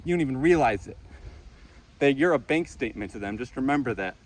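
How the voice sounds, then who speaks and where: A man's voice: mid-range voice, animated, fairly quick, low-quality recording. A man delivering an impassioned, profane monologue outdoors among trees, repeating himself as he rants. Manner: intense, profane, repetitive ranting. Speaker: vlogger.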